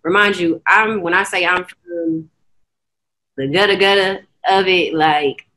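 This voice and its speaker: Low-voiced young American woman. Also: steady tone, bright, forceful tone. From United States. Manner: earnest, fast-flowing, drifts into quoted dialogue. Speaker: guest. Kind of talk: candid personal storytelling.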